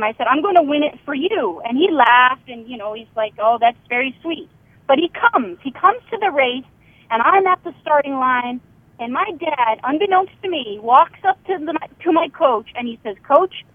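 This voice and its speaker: A middle-aged woman tells a family story down a tinny telephone line, slipping into the voices of the people in it. Her voice sits high and has a husky edge. The line sounds dry, with no room around it. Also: no echo. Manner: vivid storyteller, acts out quoted dialogue. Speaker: author and guest. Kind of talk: telling a family story in a radio interview.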